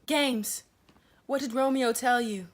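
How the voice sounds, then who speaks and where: A woman's voice: on the high side, steady tone, moderate pace, roomy sound, lightly acted. A woman playing an impatient young woman eager for news of her love. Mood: agitated. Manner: impatient, pressing questions.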